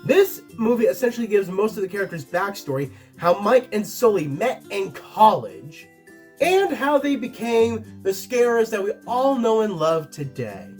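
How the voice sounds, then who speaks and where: Young male host, animated and sarcastic, very lively pitch, light music bed. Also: moderate pace. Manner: animated, sarcastic, crude jokes. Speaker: tier list video host. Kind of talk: casual commentary ranking movies.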